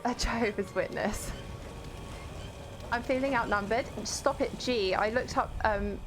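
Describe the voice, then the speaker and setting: A woman's voice: fairly high pitch, measured pace, music in the background. Chatty woman streamer reading chat. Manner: chatty, reads chat aloud, exclaims at the game. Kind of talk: casual live-stream chat while gaming.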